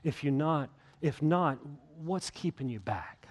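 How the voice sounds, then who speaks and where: A man's voice: on the high side, expressive, takes it slowly, slightly rough. Earnest preacher man. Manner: earnest, rising emphasis, repeats words. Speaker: pastor. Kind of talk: sermon with invitation.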